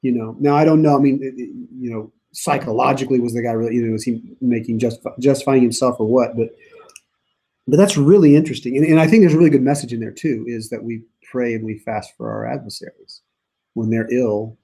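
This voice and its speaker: A man's voice: mid-range voice, steady tone, brisk, mellow, breathy edge. A man leading a church Bible study in a casual, musing way, reading scripture aloud with emphasis between his own remarks. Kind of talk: conversational Bible study teaching. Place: church meeting room.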